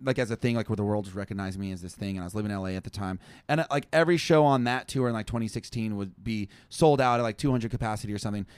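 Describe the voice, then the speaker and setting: A young man telling a long, rambling story in casual chat, animated and full of fillers. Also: fairly low pitch, very fast, few pauses, clear, resonant tone, dry recording. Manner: animated, rambling, heavy use of "like". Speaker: touring musician, guest.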